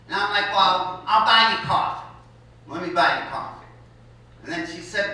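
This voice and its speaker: A man's voice: high-pitched, lively intonation, moderate pace, pushed and bright. A man doing a stand-up comedy set, telling a story in a blunt, profane, self-mocking way. He speaks into an echoey college hall in front of a live audience. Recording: echoey hall, mic heard from a distance.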